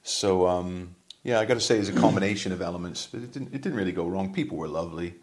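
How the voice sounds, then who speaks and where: A man's voice: low voice, fast talker. A man, a musician, telling rambling anecdotes in casual chat, with plenty of ums. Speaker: musician guest.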